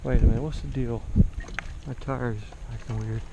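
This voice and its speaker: A man's voice: mid-range voice, steady tone, moderate pace, gravelly, very noisy. A man from the Southern US with a mild Southern accent, chatting casually to the camera as he rides a bicycle outdoors, rambling and poking fun at himself. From Southern United States. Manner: rambling, chatty, self-mocking. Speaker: travel vlogger.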